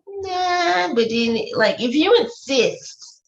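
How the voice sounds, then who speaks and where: A woman's voice: a little high, big pitch swings, a little fast, creaky, a bit bright. A woman co-hosting a casual film review chat, blunt and teasing. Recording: muffled lo-fi sound.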